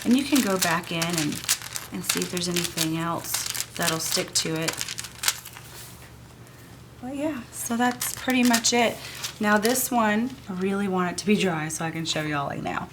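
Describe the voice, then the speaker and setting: A woman's voice: on the low side, moderate pace, noisy background. Chatty woman gushing over crafts. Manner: chatty and gushing, talks while working. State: sniffly. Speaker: art journaling tutor. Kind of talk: casual craft tutorial.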